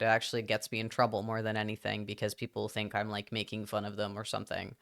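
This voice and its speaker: A British streamer talking casually to a live audience from a home setup, rambling and chatty with lots of side remarks. The voice is clear and smooth at a middling pitch, and the accent drifts slightly toward whoever is in the conversation. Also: fairly even intonation, a little fast, a bit bright. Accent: British, drifting toward whoever they talk to. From Britain. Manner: rambling, chatty, trailing off into asides.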